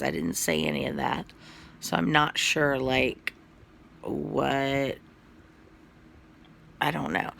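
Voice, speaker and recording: Slow, gravelly man sick and coughing. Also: on the high side, sharp tone, a little hiss or hum. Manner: rambling, profane storytelling with many fillers. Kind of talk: casual personal story to camera.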